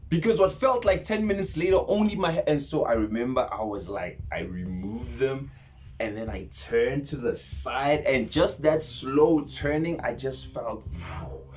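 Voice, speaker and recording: A man from South Africa recounts an experience in a loose, rambling monologue. His telling is animated, slipping into hushed whispers and piling up restarts. His voice sits in an ordinary middle pitch. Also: unhurried, faint music behind. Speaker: spiritual vlogger. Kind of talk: casual storytelling monologue.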